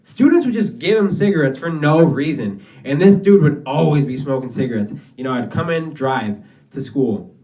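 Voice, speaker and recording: A man's voice: a little high, animated, normal speed, warm tone, distant mic. Profane young male stand-up comic. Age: young adult. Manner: casual, profane, rambling storytelling. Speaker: stand-up comedian. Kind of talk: stand-up comedy set. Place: small basement venue.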